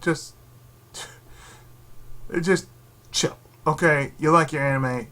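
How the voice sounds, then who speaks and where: A man ranting in a casual vlog from his bedroom, rambling and sarcastic, who keeps slipping into mocking high voices and laughing. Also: fairly even intonation, slow pace, background noise. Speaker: YouTube channel host. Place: his own bedroom setup.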